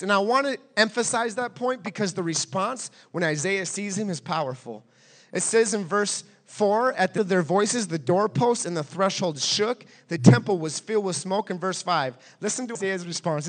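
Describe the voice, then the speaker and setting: A pastor preaching an emphatic sermon and driving points home with repetition and questions to the congregation. His voice sits high for a man. It rings with the long reverb of a big hall. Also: fairly bright tone.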